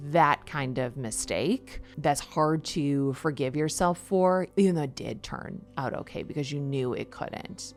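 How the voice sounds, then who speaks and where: A middle-aged woman hosting a podcast, telling a personal story in an earnest, confessional way with rushed restarts. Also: rumbling low. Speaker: podcast host.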